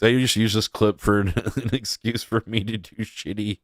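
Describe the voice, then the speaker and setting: A man's voice: fairly low pitch, steady tone, normal speed, hardly any pauses, faint music behind, a faint crowd. A man hosting a casual news commentary stream, talking in a sarcastic, joking, mocking way. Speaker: host.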